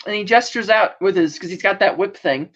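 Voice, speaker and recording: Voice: mid-range voice, fairly quick, fairly bright tone, dull audio. A podcast co-host casually recapping a TV episode, rambling with restarts and acting out quoted lines.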